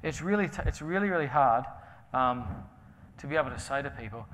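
A man preaching a conference sermon, telling stories with humor and swinging between loud and hushed delivery. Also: mid-range voice, lively intonation, a little fast, a little hiss or hum. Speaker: pastor. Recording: reverberant hall with faint ambience.

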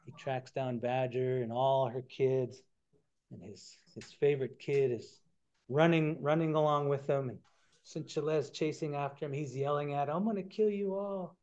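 A man retelling a traditional story during a lecture, relaxed and conversational, acting out the characters. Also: medium pitch, normal speed, muffled recording. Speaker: guest speaker.

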